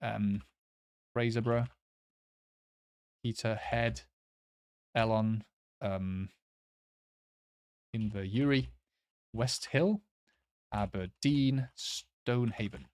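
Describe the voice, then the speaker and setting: Slow, hesitant man calling out town names. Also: lowish voice, a little mellow. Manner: hesitant, many fillers, unsure pronunciations. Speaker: quiz player. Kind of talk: casual commentary while playing a map quiz.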